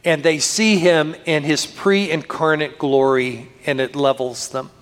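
A man's voice: fairly high pitch, fairly even intonation, fairly bright tone. Man preaching in a reverberant church. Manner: earnest preaching, slows and lifts for scripture. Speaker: pastor. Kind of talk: sermon. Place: church sanctuary. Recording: long reverb of a church hall.

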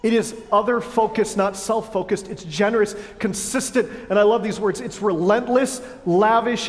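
A man's voice: high voice, normal speed, hardly any pauses. A man preaching a sermon as pastor, emphatic and stacking lists of repeated words. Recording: long reverb of a large hall.

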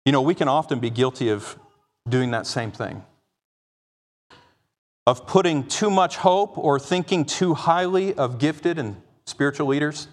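High-voiced guy preaching hard, keeps saying "right?", big echoey hall. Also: lively intonation, unhurried. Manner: emphatic, dramatizes quoted speech, frequent "right?". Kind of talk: expository sermon. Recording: long hall reverb.

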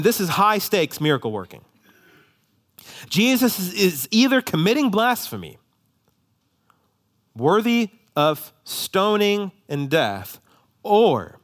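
Man preaching a sermon, higher voice, hushed then emphatic, repeats words on restarts. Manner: dynamic, shifts between hushed and emphatic delivery; frequent quick repetitions and restarts. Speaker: pastor.

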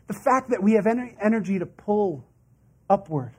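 Male pastor, husky voice, conversational sermon with laughs. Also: sits high, animated, normal speed, mellow.

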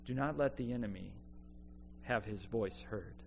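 A man preaching a sermon in an earnest, reflective way, often dropping quiet to make a point. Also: on the low side, moderate pace, creaky, soft background music. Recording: dull lo-fi sound with faint hum.

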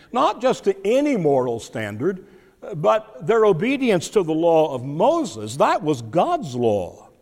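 A man preaching an expository sermon, teaching deliberately with occasional restarts and fillers. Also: a little high, darkish tone. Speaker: pastor. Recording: long hall reverb.

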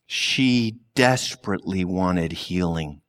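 A man preaching a sermon slowly and deliberately, with long pauses and sudden drops to a hush. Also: low voice. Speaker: pastor.

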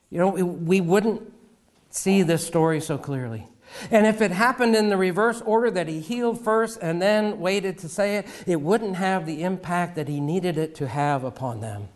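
A middle-aged man preaching a sermon, with dramatic pauses and sudden drops to a hush. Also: high-pitched.

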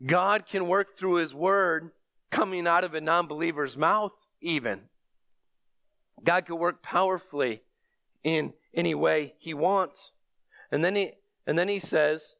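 A man delivers a sermon, earnest and steady, rising into emphatic bursts when he repeats a phrase. His voice sits a little high for a man. The sound is dry and close, with no room around it. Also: measured pace, dry recording, lo-fi sound. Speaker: preacher.

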